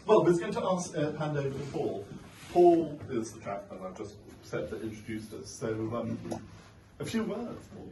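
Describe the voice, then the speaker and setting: A man hosts a book launch in a teasing, jokey way, laughing through his lines. His voice is fairly high and very lively. He is recorded from afar in an echoey room, with loud background noise. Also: moderate pace, recorded from a distance. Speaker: publisher hosting a book launch. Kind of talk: informal host speech. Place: indoor event room with guests.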